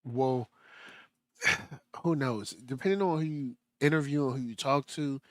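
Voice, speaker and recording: Animated man telling stories, dry mic. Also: mid-range voice, measured pace, dry recording. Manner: animated storyteller, acts out slangy voices. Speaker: podcast co-host. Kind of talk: casual chat.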